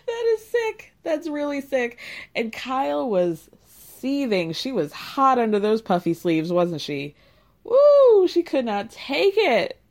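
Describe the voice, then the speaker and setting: A woman's voice: fairly high pitch, big pitch swings, slow pace. A woman hosting a casual recap, talking in a sarcastic, gossipy way with frequent laughs and whoops. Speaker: podcast host recapping a reality show.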